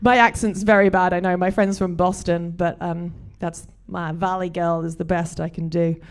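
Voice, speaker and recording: A middle-aged British woman from Britain performing a stand-up set, deadpan and bawdy. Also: fairly low pitch, normal speed, clear, resonant tone. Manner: dry, deadpan delivery with bawdy jokes. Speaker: stand-up comedian.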